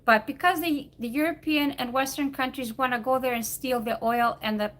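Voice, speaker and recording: Woman, vlogger, argumentative, lecturing, slightly high-pitched, stumbling restarts. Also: steady tone, moderate pace, fairly bright tone. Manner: argumentative, lecturing, with frequent repeated words and restarts. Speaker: political science graduate. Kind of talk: vlog reply to viewer comments.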